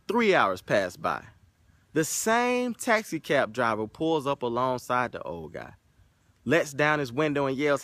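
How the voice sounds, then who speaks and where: A man's voice: on the high side, very animated, a little slow, a bit bright, no room sound. A man giving an emphatic motivational talk that opens with a told story. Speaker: motivational speaker.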